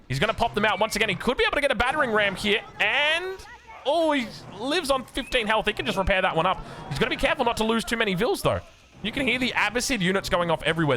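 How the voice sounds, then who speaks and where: A young Australian man casting a strategy video game match, getting excited and rising in pitch as the action picks up. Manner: excitable, rises sharply when action picks up. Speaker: game caster. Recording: faint music behind.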